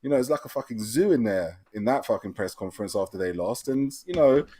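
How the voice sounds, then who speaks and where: A man's voice: lowish voice, animated, quick pace, dark tone, no room sound. A man on a football podcast panel, ranting in an indignant tone with sarcastic questions. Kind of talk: casual football chat.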